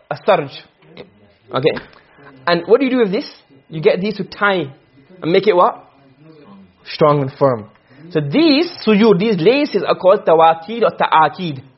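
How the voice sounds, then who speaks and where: Male teacher, high and husky voice, rapid classroom lecture that keeps asking students questions, dull lo-fi recording. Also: big pitch swings. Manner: quick, questioning students often, mixing Arabic terms. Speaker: teacher of Arabic rhetoric.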